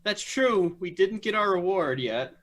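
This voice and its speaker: Brief: male player, high voice, dry joking tone. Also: animated, unhurried, fairly bright tone, slight background noise. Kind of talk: tabletop game play.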